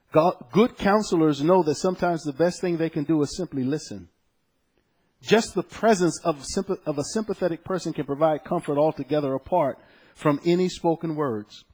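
Husky-voiced man preaching a sermon. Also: fairly high pitch. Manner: conversational, animated storytelling with scripture quotes.

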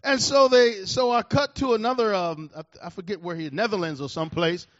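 A male preacher with a notably high voice delivers a sermon, swinging from loud emphatic declarations to hushed, drawn-out words. The recording sounds muffled and lo-fi. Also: no room sound.

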